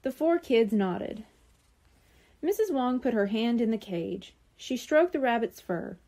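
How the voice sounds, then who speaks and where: Expressive woman reading a children's book. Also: on the high side, measured pace. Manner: expressive, clear storytelling. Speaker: library storyteller.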